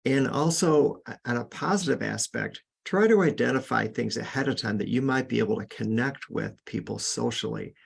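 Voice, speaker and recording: A man's voice: mid-range voice, normal speed, vocal fry, hardly any pauses, slightly rough. A man hosting a podcast, giving earnest, casual sales coaching with frequent restarts. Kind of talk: casual instructional talk.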